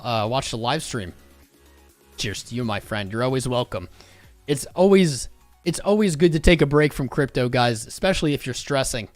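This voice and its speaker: A man hosting a crypto live stream, chatting casually and shouting out viewers with a loose, jokey manner that jumps in pace and loudness. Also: medium pitch. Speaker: crypto livestream host.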